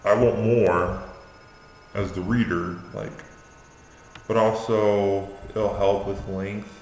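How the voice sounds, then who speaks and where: A man's voice: lowish voice, little pitch movement, slow, a little mellow. A young man giving a classmate casual spoken feedback on a paper, hesitant, with many fillers and restarts. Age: young adult. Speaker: student giving peer feedback. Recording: echoey room with faint ambient noise.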